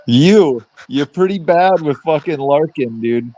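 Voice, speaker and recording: A man's voice: a little high, expressive, measured pace, warm tone, muffled recording, slight background noise. A man co-hosting a live podcast, needling a guest in a profane, casual way.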